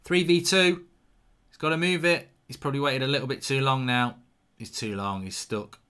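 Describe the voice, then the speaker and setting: A man hosting a live football watchalong, reacting excitedly to chances and reading out viewer questions. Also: medium pitch, moderate pace, smooth. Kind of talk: live match commentary and chat with viewers.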